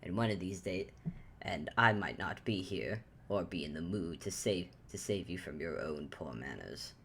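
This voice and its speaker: Woman putting on a low, weary, stern man. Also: animated, normal speed, husky, full character voice. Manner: low, quiet, exasperated and proper. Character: stern, weary grown man lecturing a messy eater.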